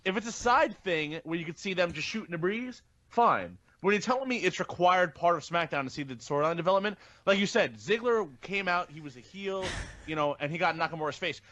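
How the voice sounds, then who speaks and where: A man's voice: high voice, expressive, fairly quick, sharp tone, no echo, muffled recording. A man, co-hosting a wrestling podcast in casual chat, blunt and profane as he rambles through his opinions. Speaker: podcast co-host.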